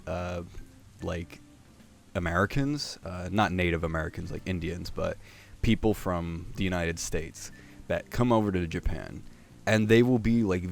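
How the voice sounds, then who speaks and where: A man's voice: low voice, creaky. A young man hosting casual anime commentary, rambling with many fillers and restarts.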